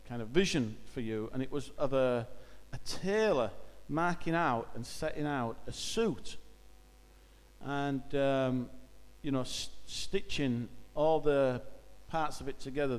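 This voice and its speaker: A man's voice: medium pitch, unhurried, clean tone, big-room sound. A man giving an informal church talk, speaking conversationally and hesitantly with many fillers.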